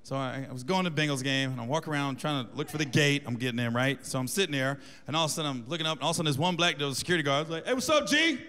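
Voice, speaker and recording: A man doing stand-up, telling a profane, animated story to a live audience. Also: medium pitch, rapid-fire, few pauses. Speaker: stand-up comedian. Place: large live venue. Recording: echoey hall with audience noise.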